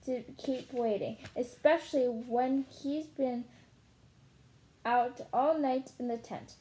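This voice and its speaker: Woman reading as a bossy farmer's wife, loud calling, mellow tone. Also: a little high, slow pace, a little hiss or hum.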